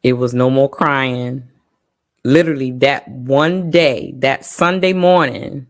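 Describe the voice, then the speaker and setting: A woman co-hosting a parents' talk show, telling a personal story in an emotional, halting way with many pauses and restarts. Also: extremely low pitch. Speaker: parent co-host. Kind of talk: casual personal testimony.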